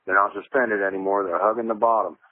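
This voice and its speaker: Man, Kansas accent, folksy caller, low-ish voice, dry phone line. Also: fairly even intonation, fast talker. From eastern Kansas. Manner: laid-back, folksy. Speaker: caller with fishing report.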